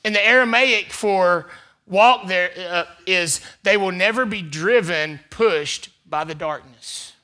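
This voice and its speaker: A male pastor delivers a sermon during a live church service, his voice sitting high and his delivery slow. Phrases come back again and again for emphasis, and his volume rises to forceful highs before dropping into soft side remarks.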